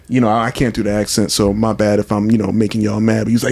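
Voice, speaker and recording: A man's voice: lowish voice, quick pace, gravelly, hardly any pauses. A man co-hosting a podcast in casual chat, telling stories with enthusiasm and acting out quotes. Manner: animated, enthusiastic storytelling with acted-out quotes. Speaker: podcast co-host.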